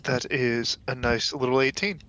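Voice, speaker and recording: A man's voice: medium pitch, normal speed, pushed and bright. A man playing a tabletop game, speaking in an easygoing, earnest way. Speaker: player. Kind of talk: casual tabletop game chat.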